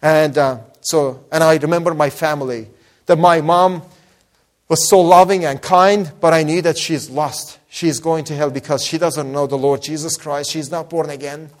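A man's voice: on the high side, fairly even intonation, normal speed. Earnest man pastor. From Iran. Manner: earnest, fervent, repeats words when stressing. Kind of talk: personal testimony sermon.

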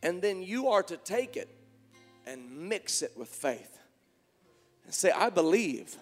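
A man preaching as pastor, moving from quiet talk to shouted praise. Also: sits high, big-room sound. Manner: preaching, swinging from soft to shouting. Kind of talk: sermon. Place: church sanctuary.

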